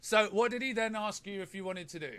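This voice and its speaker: High bright-voiced man, casual chat. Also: fast talker, clear, resonant tone. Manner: prompting, retelling a shared memory to a bandmate. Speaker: band member.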